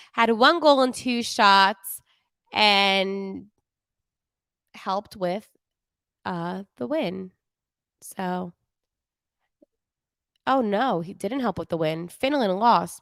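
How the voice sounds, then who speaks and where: A woman's voice: medium pitch, a bit bright, smooth, dry recording, studio quality. A young woman with a New Jersey accent, hosting a casual hockey podcast in a chatty, self-deprecating way. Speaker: podcast host. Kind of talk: casual hockey recap on a livestream.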